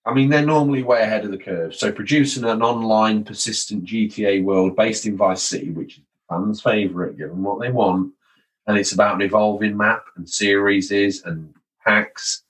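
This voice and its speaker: A man's voice: lowish voice, fairly even intonation, moderate pace, a bit bright, rough recording. A man hosting a casual gaming podcast, chatty and wry, reading out listener messages. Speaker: podcast host.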